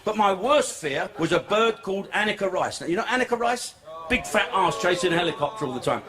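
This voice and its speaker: A man with a high-sitting, animated voice talks fairly quickly through a crude stand-up set, swearing and telling brash stories. He's on a comedy club stage before a laughing audience, captured in a live recording with crowd noise.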